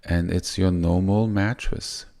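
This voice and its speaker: A man giving a gentle spiritual teaching in a soft, unhurried way that wanders and restarts. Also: low voice, fairly even intonation, vocal fry.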